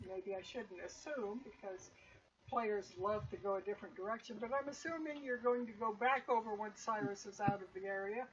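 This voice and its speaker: A woman's voice: medium pitch, moderate pace. A woman game master narrates a tabletop session in a loose, rambling way, dotted with ums and uhs. Her voice comes through dull, lo-fi stream audio with a faint hiss underneath. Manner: relaxed, rambling narration with many fillers.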